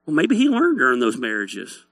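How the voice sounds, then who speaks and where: A man's voice: medium pitch, wildly swooping pitch, normal speed, a bit bright, no room sound. Guy preaching bluntly, teasing the crowd, voice swings all over, close dry mic. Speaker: pastor. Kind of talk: sermon.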